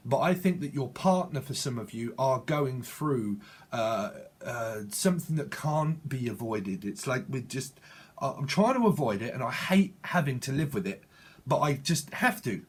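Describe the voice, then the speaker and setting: A man's voice: medium pitch, lively intonation, moderate pace, husky. A man giving a channeled tarot reading in a rambling, repetitive way, often correcting himself mid-word. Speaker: tarot reader.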